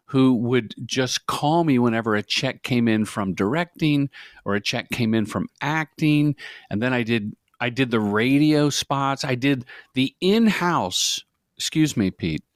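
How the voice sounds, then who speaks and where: A middle-aged man telling stories as a guest in an interview, animated, jokey and self-deprecating. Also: medium pitch, no echo, clean studio sound. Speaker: guest, commercial director. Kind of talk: casual interview storytelling.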